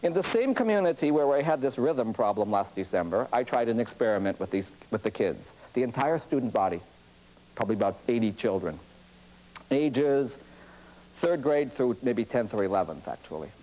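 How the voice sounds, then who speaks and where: A man lecturing as a priest, with a lively pitch that rises and falls widely. He tells anecdotes in a storyteller's way and acts out the people in them. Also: moderate pace, low-quality recording. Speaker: priest and speaker on cross-cultural communication.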